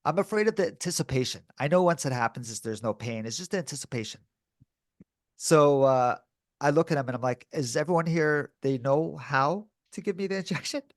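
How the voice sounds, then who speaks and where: Animated man telling a story on a podcast. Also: a little high, a little fast, no room sound, studio quality. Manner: animated, acts out quoted dialogue; says dude and bro often. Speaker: podcast co-host. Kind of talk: casual storytelling chat.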